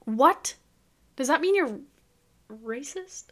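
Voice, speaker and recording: A woman's voice: high voice, animated, measured pace, long pauses. A young woman vlogging in a casual, chatty way, full of incredulous rhetorical questions. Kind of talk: casual chat to camera.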